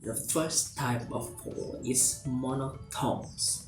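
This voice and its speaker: A man reads a phonology lesson aloud as a student presentation. His delivery is steady and scripted, with the odd stumble and restart. The room gives his voice a roomy echo, and faint music plays underneath. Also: medium pitch, slow. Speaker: student presenting a class assignment.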